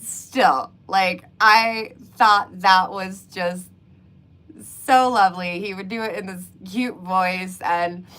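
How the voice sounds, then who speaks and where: A woman's voice: mid-range voice, fairly even intonation, slow pace, sharp tone, smooth. A woman hosting a casual livestream chat, talking through her views with lots of fillers and frequent laughter. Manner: chatty, laughs often, many fillers. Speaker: livestream host.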